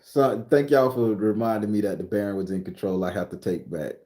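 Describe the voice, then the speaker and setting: A man from southern Florida, a spiritual reader hosting a casual live stream on his phone. He talks in a bawdy, joking, loud way. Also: on the low side, steady tone, fairly quick. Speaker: spiritual reader and channel host.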